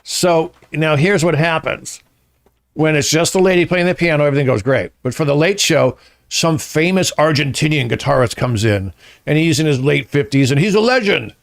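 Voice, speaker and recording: A male comedian spins rambling anecdotes, acting out the quotes as he goes. His voice sits a little high for a man and carries a gravelly rasp. He is recorded close and dry. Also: expressive, normal speed, dry recording. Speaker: stand-up comedian guest. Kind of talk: casual storytelling chat.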